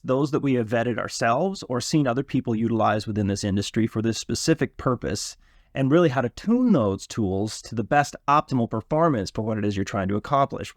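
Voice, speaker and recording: A man's voice: mid-range voice, no echo, studio quality. Matter-of-fact man audio expert. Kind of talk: explanatory course promo.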